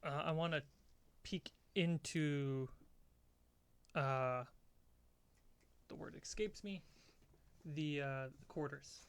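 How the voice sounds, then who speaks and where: A man playing a tabletop game, playful and quick to laugh. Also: a little high, clear, resonant tone. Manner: playful, giggly. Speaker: player.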